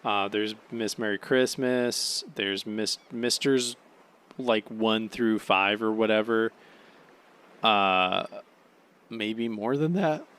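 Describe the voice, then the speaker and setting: A man's voice: slow pace, clean tone. Sleepy, rambling male podcast host. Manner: rambling, offhand, peppered with swearing and "um"s; bursts into high, excited gushing. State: sleepy, yawning. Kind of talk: casual solo recap monologue.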